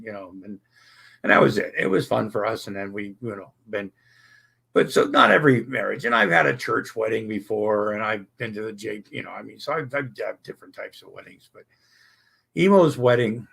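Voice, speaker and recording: Man, livestream host, gravelly voice, husky, rambling, swears a lot, talking from an apartment. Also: lowish voice, a bit bright. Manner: rambling and exclamatory, swears often. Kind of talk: casual livestream chat. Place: old apartment indoors.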